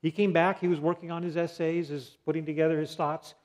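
A man teaching a Bible lesson in a slightly high voice. He quizzes his listeners and answers his own questions. He spells out key words letter by letter and pauses often on fillers. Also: flat delivery, a little mellow. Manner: asks the audience questions and answers them.

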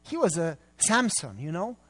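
High-voiced pastor preaching. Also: male voice, big pitch swings, normal speed, fairly bright tone, big-room sound. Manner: emphatic, quizzes the congregation with questions. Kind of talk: sermon.

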